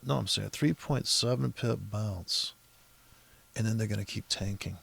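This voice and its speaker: A man's voice: on the low side, lively intonation, brisk, gravelly, no room sound. A man walking through a trading chart in a profane, exasperated, rambling rant. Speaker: trading educator. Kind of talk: profane ranting chart walkthrough.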